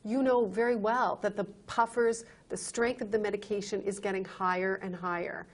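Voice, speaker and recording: A woman's voice: medium pitch, fairly even intonation, moderate pace, close to an everyday voice. A woman playing a clinic counselor in a training video, insistently lecturing a patient about his health. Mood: pressing.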